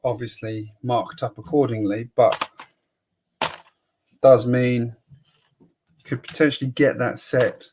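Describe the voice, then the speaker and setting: A man's voice: medium pitch, fairly even intonation, takes it slowly, long pauses, background noise. Chatty man live-streaming. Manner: chatty, greets chat viewers, mutters while sorting bricks. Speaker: host of a building live stream. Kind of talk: casual live-stream chat.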